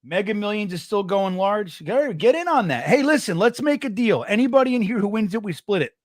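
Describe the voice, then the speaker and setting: A man from New Jersey hosting a casual sports livestream, a loud, excitable storyteller who laughs often. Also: high voice, fairly quick, dry recording, studio quality. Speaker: podcast host.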